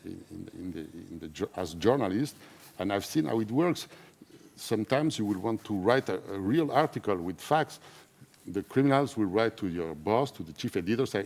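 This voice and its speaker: A man who speaks natively, talking in an emotional conference interview, earnest and halting, often repeating himself. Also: lowish voice, vocal fry. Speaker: interviewee, whistleblower. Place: conference stage.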